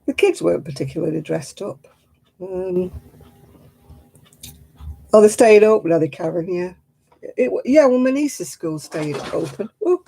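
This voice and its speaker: Woman, husky mellow voice, lively pitch, casual livestream chat, self-mocking. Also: measured pace, pauses often. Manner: chatty, self-mocking, laughs often. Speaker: craft livestream host. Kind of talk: casual live-stream chat answering viewers.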